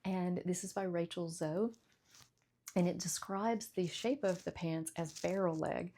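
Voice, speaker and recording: A middle-aged woman with a lowish voice talks through a casual clothing haul. She gushes, giggles often and slips into hushed whispers when she points out small details. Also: fairly even intonation, a little slow. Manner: gushing and giggly, drifts into soft whispers when showing details. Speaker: fashion vlogger.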